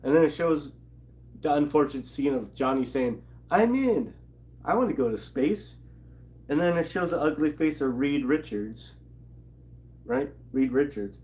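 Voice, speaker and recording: A man's voice: a little high, moderate pace, a little mellow. A man casually recapping a comic book in a rambling way, reading character lines aloud and laughing along. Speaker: comic channel co-host.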